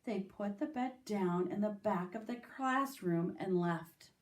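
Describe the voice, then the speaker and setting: A woman's voice: mid-range voice, slow, darkish tone. A woman teacher reading a picture book aloud to young children, with small voices for the characters. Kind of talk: storybook read-aloud for children.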